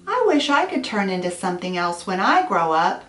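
A woman's voice: very animated, normal speed, fairly bright tone. A woman doing a cheerful, curious little tadpole. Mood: eager. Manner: eager, happy, high and wide-eyed. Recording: echoey room, far from mic.

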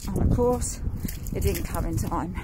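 A British woman in her thirties, a mother and vlogger, chats and rambles into her phone on a rainy countryside walk, laughing often. Her voice is lowish and a little slow, with a British English accent. Loud wind and rain noise fill the outdoor recording.

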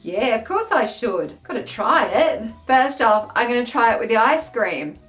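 A woman's voice: on the high side, very animated, moderate pace, a bit bright, faint music behind. A woman with an Australian accent, hosting a casual taste-test vlog in a chatty, self-mocking, exclamatory way. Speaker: food taste-test vlogger.

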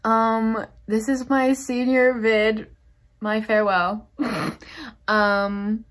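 A young woman in her late teens, a theater student about to graduate, records a farewell vlog message, halting and teary as she fights back tears. Her voice is a little high and level in tone.

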